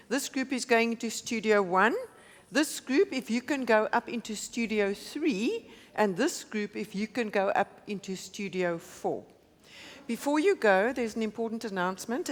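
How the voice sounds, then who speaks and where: Brisk woman organizer in an echoing hall. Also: on the high side. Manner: brisk, friendly, directing groups. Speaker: event organizer. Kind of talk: logistics announcements. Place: large conference hall. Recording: reverberant hall.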